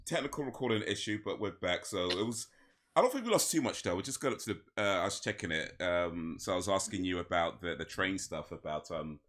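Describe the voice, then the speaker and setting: A man's voice: sits low, lively intonation, a little fast, a bit bright. A man hosting an interview over a video call, talking casually and hesitantly with lots of ums and restarts. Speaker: podcast host.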